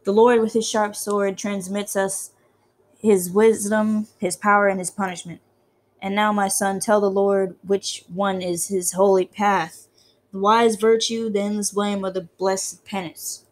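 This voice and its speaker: A woman's voice: mid-range voice, flat delivery, a little slow, natural voice. A woman voicing a frail, blind old male priest who preaches and chants prayers in a solemn way while she reads game dialogue aloud.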